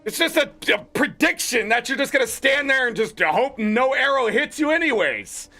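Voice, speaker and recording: A man's voice: very high voice, expressive, moderate pace, bright, forceful tone, faint music behind. A man giving blunt, opinionated commentary on game patch notes as a gaming content creator, swearing freely.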